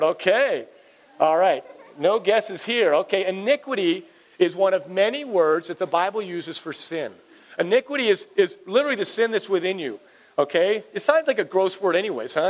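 A man in his forties, a pastor giving a playful, animated children's sermon to kids and parents in a church. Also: high-pitched, poor audio. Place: church sanctuary.

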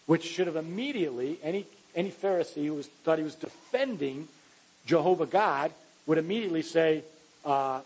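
A man's voice: on the high side, lively intonation, normal speed, a little mellow, breathy edge, low-quality recording. A man preaching a sermon, earnest and emphatic, often restarting his phrases as he explains a scripture passage. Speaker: pastor.

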